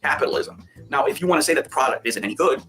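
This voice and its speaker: A man's voice: mid-range voice, expressive, pushed and bright, a little hiss or hum. A man on a casual livestream, lecturing about business and wrapping up the discussion. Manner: fast, lecturing, sums up points.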